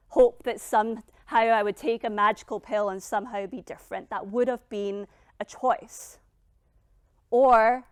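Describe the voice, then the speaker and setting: Woman, motivational keynote speaker, middle-aged, emphatic, blunt, dramatic pauses, smooth clear tone. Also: mid-range voice, no room sound, studio quality.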